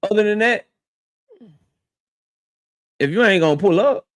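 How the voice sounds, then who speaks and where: A man's voice: sits high, expressive, measured pace, dry recording. A man hosting a boxing channel, delivering a confrontational, profane commentary rant aimed straight at his target and repeating his points for emphasis. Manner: addresses his target directly.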